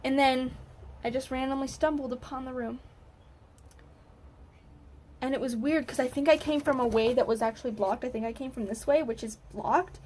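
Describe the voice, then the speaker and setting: A woman student recapping a game to her viewers in a casual, animated way, swearing now and then. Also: a little high, a little hiss or hum. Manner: animated, excitable, swears freely. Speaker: gaming vlogger, student.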